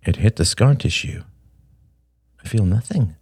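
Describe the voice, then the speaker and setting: A man's voice: lowish voice, animated, a little slow, a little mellow, breathy edge, no echo, studio quality, voice pushed up, exaggerated voice. A man voicing a weary, bitter grieving man. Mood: detached. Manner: weary, muttering, profane. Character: bitter, numb grieving man, dark-humored.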